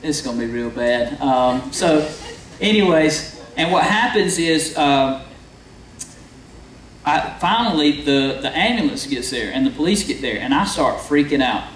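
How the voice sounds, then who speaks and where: Young preacher in an echoey hall. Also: male voice, a little high, animated, measured pace, fairly bright tone. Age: young adult. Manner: conversational storytelling, addresses the crowd. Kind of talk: sermon. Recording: echoey hall from far off, faint noise.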